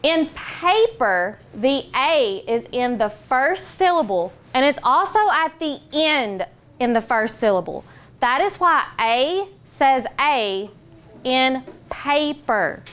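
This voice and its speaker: A woman teacher leading a phonics lesson, giving clear, patient directions and drawing out sounds slowly. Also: sits high, animated, a bit bright. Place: classroom.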